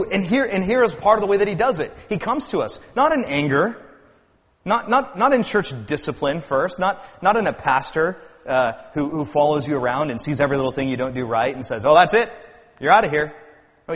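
A man's voice: a little high, fairly quick. A man with a slightly raised voice preaches a sermon, pressing his points with swells of emphasis and doubling back on his words. His voice carries a long reverb, as if filling a large church hall. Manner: earnest preaching, rising and falling emphasis, repeats words. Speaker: pastor.

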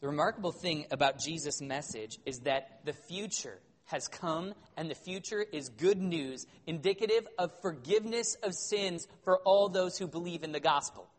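Brief: male pastor, lively, wry sermon delivery, long church reverb. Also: a little high, moderate pace, few pauses. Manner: animated, conversational, with wry humor.

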